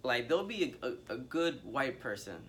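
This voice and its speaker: A man's voice: medium pitch, big pitch swings, moderate pace, a bit bright, slight background noise. A man speaking candidly and casually in a discussion, with slangy asides.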